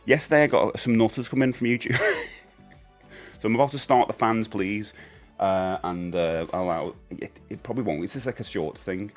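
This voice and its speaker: Hosting a casual live stream, a man rambles and greets viewers along the way, chatty and prone to stumbling and repeating himself. His voice is lowish, his pace moderate, with faint music in the background.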